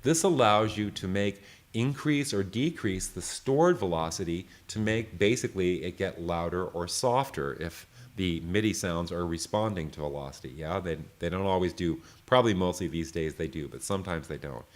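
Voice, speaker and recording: A man giving a live online software tutorial, loose and chatty, often checking in with "right?". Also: low voice, moderate pace, few pauses. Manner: loose, full of fillers and restarts. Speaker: software creator teaching a session.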